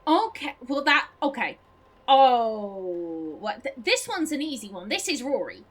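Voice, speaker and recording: A woman hosting a let's play, chatting excitably and rambling as she plays. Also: on the high side, measured pace, slightly rough, poor audio. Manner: excitable, rambling, self-interrupting. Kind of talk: casual gaming commentary and reading aloud.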